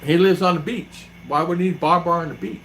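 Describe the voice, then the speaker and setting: A man's voice: a little high, steady tone, fairly quick, fairly bright tone, low-quality recording. An older man telling a rambling story in a casual vlog, acting out the talk of his family in quoted dialogue. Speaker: vlogger. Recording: faint hum behind the voice.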